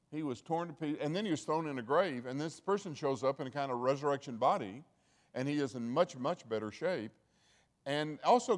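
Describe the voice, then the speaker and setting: Rambling male preacher in a reverberant hall. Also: fairly high pitch. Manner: rambling storytelling with many restarts, growing animated. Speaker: teacher. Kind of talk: sermon.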